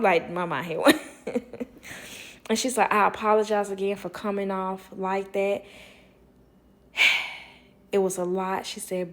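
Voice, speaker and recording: A woman telling a casual storytime, animated, quoting people in lively voices and laughing often. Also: medium pitch, unhurried, pauses often. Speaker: storyteller vlogger.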